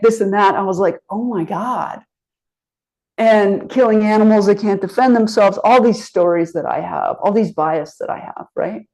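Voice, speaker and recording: A woman's voice: medium pitch, dark tone, poor audio. A middle-aged woman leading a workshop, telling stories casually with frequent fillers. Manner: chatty storytelling with frequent fillers. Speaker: workshop trainer and executive coach. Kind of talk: conversational workshop presentation.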